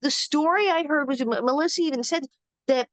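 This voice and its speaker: An older actress in an animated interview, telling lively anecdotes and acting out quick quotes. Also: female voice, sits high, no echo.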